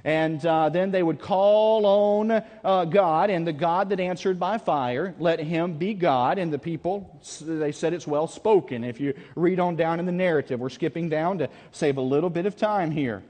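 High-voiced preacher in a big echoing hall. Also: male voice, moderate pace, few pauses, a little mellow. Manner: dramatic, calls out questions to the audience. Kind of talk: camp meeting sermon. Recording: long reverb of a large hall.

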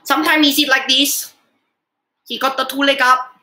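A man's voice: very high-pitched, level tone, moderate pace, bright, forceful tone, reverberant, full character voice. A man doing a comedic of a disapproving middle-aged uncle, with broken-phrasing. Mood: mock-disapproving. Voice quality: broken-English phrasing, scolding.

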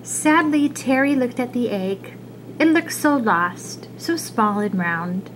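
Higher-voiced woman reading a picture book. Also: a little slow, slight background noise, low-quality recording. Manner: expressive, with asides about the pictures. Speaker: storybook reader. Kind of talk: children's picture-book read-aloud.

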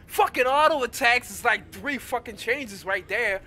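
Gamer guy, high bright voice, ranting, profane, exasperated, laughs through the anger. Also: lively intonation, normal speed, few pauses, slight background noise. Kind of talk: angry gaming rant.

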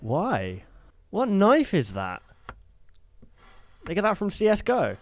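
A man's voice: sits high, huge pitch swings, slow pace. A man streaming, reacting to videos with jokes, laughter and swearing. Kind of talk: casual reaction commentary.

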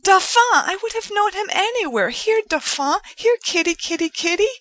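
A woman reading aloud as a gushing young woman who coos sweetly, raised far above the reader's own low register. She talks in bright, excited baby talk, in a close, dry recording. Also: measured pace, dry recording, full character voice. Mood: delighted cooing. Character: eager, affectionate young woman guest. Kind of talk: audiobook character voice.

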